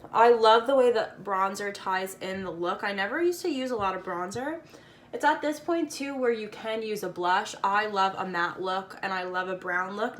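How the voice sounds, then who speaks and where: A woman's voice: medium pitch, fairly bright tone, slight background noise. A woman casually talking through a makeup tutorial, chatty and playful with slangy asides.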